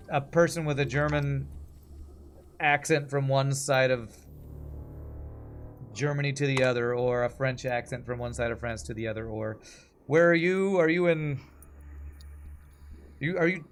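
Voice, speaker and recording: A man in his forties with an American accent, rambling through casual game commentary and reading out chat. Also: medium pitch. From Texas, USA. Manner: chatty, rambling, reads chat aloud. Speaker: game streamer. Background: faint game music.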